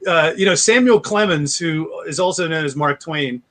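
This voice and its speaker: A man in his forties with a slightly raised pitch. He is a guest on a casual podcast and tells long, rambling stories. He often breaks into animated impressions of other people. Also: moderate pace. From United States. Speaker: guest author.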